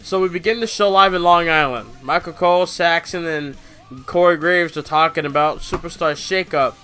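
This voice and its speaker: A man's voice: fairly high pitch, moderate pace, sharp tone, clean tone, soft background music. A young man casually recapping a wrestling show in slangy, rambling talk full of fillers.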